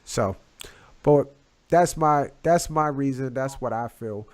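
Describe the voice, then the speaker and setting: A man in a relaxed talk-show chat, speaking in easy, slang-heavy sentences. His voice sits at an ordinary pitch, and he drifts between soft asides and louder shout-outs. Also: slow. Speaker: podcast co-host. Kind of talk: casual chat.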